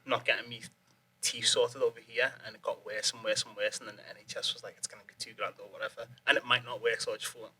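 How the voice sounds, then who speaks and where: A young man tells a story in loose, rambling casual chat, swearing freely and laughing often. His voice is bright and forward and sits at a middle pitch. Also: little pitch movement, quick pace, breathy edge. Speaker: guest, MMA fighter.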